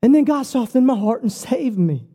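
High, thin-voiced preacher man. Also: normal speed, slightly rough. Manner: earnest, personal storytelling with lively shifts in pitch. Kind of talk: sermon.

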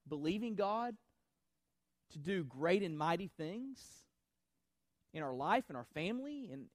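A man's voice: sits high, no echo. A male pastor preaching a sermon to his congregation, building emphasis and speaking directly to the listeners.

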